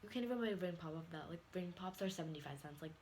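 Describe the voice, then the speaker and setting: A woman's voice: lowish voice, animated, racing, a little mellow, a little hiss or hum, rough recording. A teenage girl ranting to a phone camera in a vlog, sassy and exasperated, calling people "honey.". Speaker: vlogger. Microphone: phone or webcam.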